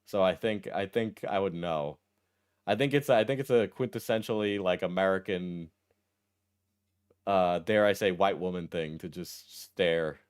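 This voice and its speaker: Male streamer, smooth lowish voice, reads text aloud and cuts in with dry, deadpan jabs. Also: measured pace. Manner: wry, deadpan asides between read passages. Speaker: streamer reacting to a text post. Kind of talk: casual commentary while reading aloud.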